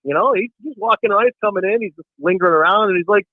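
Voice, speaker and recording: A man calling in to a talk show, telling a long story with animated acted-out voices. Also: high voice, racing, dry recording. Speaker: caller. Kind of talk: phone-in storytelling. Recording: tinny phone line.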